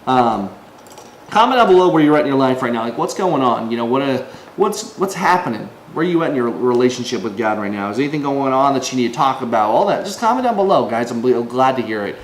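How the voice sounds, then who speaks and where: In an echoey room with a faint ambient hum, a man talks fast and expressively at a medium pitch. As an online preacher in a casual devotional video, he wanders conversationally, keeps restarting his sentences, and performs the voices he quotes.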